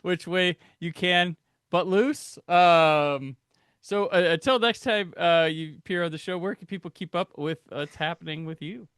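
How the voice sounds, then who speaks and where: A man's voice: high-pitched, unhurried, a bit bright, clear, resonant tone, no room sound, clean studio sound. A man hosting a podcast in a casual chat, rambling loosely and laughing often. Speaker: podcast host.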